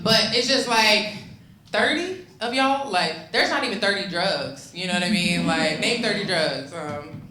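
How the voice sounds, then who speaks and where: A woman's voice: mid-range voice, bright, forceful tone, roomy sound, a little hiss or hum, rough recording. A young adult woman doing a stand-up comedy set on a club stage, loose and profane, talking casually with lots of ums and restarts.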